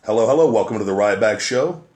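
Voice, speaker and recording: A man's voice: lowish voice, animated, quick pace, a little mellow. A man hosting his own live stream in casual chat, giving a caller blunt, coaching critique.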